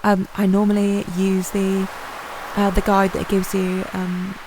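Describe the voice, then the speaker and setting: A woman's voice: medium pitch, completely flat delivery, a little slow, noisy background. A woman giving chatty, self-deprecating commentary over her gameplay, with plenty of ums. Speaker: gaming channel host. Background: soft game music.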